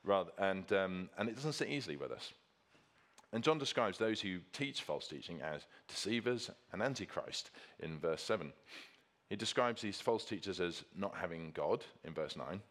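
A man's voice: sits low, animated, normal speed, fairly bright tone. A man preaching a sermon with slides, earnest and emphatic, repeating key phrases for stress.

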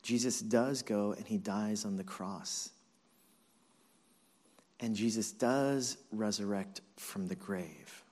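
A male pastor preaching a sermon, retelling scripture as conversational, animated storytelling. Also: medium pitch.

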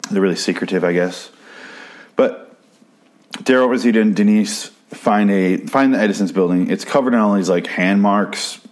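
A man's voice: sits low, darkish tone. A man casually recapping a TV episode, rambling, swearing often and sounding exasperated. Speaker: TV show recapper.

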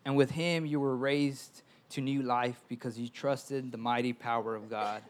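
A man's voice: mid-range voice, fairly even intonation, normal speed. A young adult man preaching a conversational sermon as pastor, often stammering and repeating words as he talks.

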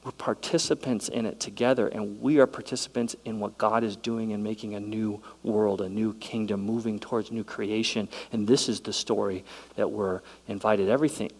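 A man preaching a sermon, shifting between quiet reflective passages and loud, excited storytelling. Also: on the low side, normal speed, rough recording. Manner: dynamic preaching, swings from soft to loud and excited. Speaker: pastor.

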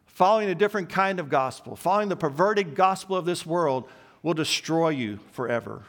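Emphatic male preacher, slightly high voice. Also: lively intonation, fairly quick, fairly bright tone. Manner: emphatic, builds long repeated lists. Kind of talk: sermon.

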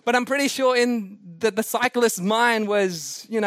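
A male preacher telling a sermon anecdote in an animated, self-mocking way. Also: high voice, moderate pace, few pauses, no echo, studio quality. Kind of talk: sermon storytelling.

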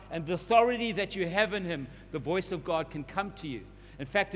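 A man preaching a sermon, repeating phrases and building to urgent emphasis. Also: sits high. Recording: long hall reverb, faint hum.

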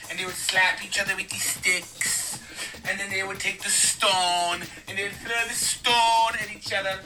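A man's voice: high voice, heavily acted. A man playing a solemn male priest delivering a rambling mock sermon, recorded from a distance with faint music behind. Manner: slow, rambling, grows tearful and shouting.

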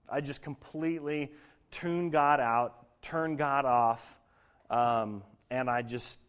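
A young man from Denver giving a sermon, telling a personal story in an earnest way that grows lively as he preaches. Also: mid-range voice. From Denver, Colorado. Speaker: pastor.

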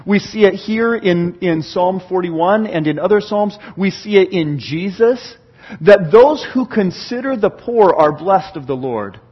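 Husky-voiced man preaching earnestly. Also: high-pitched. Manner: earnest, repeats words while thinking aloud. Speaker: pastor. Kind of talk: sermon. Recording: dull lo-fi sound.

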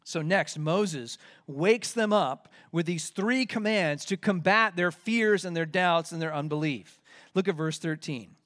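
Guy preaching, pretty high voice, gets loud and dramatic acting out complaints. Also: animated, unhurried. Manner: expository preaching with acted-out complaints and rising emphasis. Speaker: pastor. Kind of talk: sermon.

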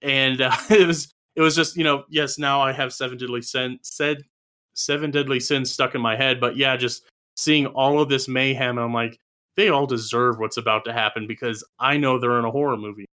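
A man's voice: mid-range voice, fairly even intonation, moderate pace, pushed and bright. A man co-hosting a casual film review podcast, talking through his notes with dry, sardonic humor. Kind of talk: casual chat.

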